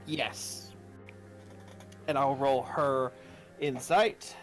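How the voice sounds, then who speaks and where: A man's voice: medium pitch, extremely slow, soft background music. A man narrating and ruling as game master of a live-streamed tabletop game, with a loose manner full of restarts.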